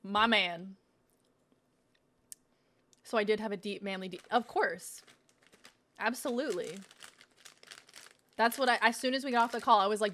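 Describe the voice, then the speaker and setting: A woman's voice: medium pitch, normal speed, long pauses, sharp tone, a little hiss or hum. A young woman streaming, chatting casually and swearing a lot while she tastes snacks. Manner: chatty, swearing, laughing, talking while eating. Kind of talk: casual unboxing stream chat.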